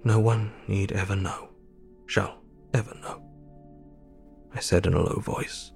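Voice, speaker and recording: A grave, gentle Victorian doctor. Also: male voice, low voice, fairly even intonation, gravelly, faint music behind. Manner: solemn, measured and tender. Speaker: narrator and character. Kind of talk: audio drama diary reading.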